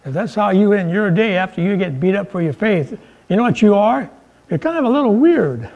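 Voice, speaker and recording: A man's voice: high-pitched, expressive, normal speed, a little mellow, lo-fi sound. A man preaching a sermon in a conversational way, mixing humor and scripture and lifting his voice for emphasis. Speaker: pastor.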